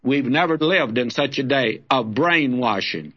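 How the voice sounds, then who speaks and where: A man's voice: medium pitch, animated, unhurried, breathy edge. An older man giving a folksy sermon as a radio Bible teacher, calling his listeners friends and reading scripture aloud. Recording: lo-fi old radio broadcast.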